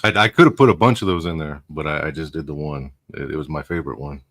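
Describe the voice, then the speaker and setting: A man co-hosting a casual live chat, laid-back and hesitant, pausing often with fillers. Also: a bass voice, fairly bright tone. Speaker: co-host.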